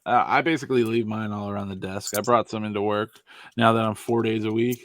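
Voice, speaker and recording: Low-voiced easygoing man chatting. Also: steady tone, no room sound, studio quality. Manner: easygoing, agreeable, quick to laugh. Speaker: podcast guest. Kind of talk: casual chat.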